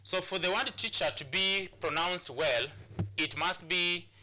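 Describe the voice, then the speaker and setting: Kenyan guy teaching on tv, very bright voice, lots of uh and repeats. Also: high voice, a little slow, a little hiss or hum. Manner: repetitive, hesitant with many fillers. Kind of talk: televised classroom lesson.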